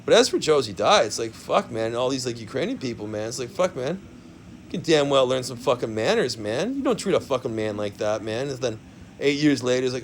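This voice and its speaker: A man's voice: medium pitch, animated, brisk, slight background noise. Rambling, profane man ranting. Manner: rambling, profane, repeatedly saying "man" and "right". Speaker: vlogger. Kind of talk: profane rant.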